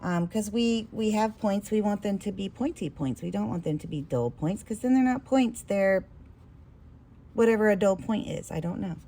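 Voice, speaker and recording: A woman walks viewers through a sewing project on a live stream, in a middle-pitched voice. She talks in a loose, chatty way, giggling often and teasing herself as she works. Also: moderate pace, mellow. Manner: chatty and giggly, self-deprecating asides. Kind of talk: casual live sewing demonstration.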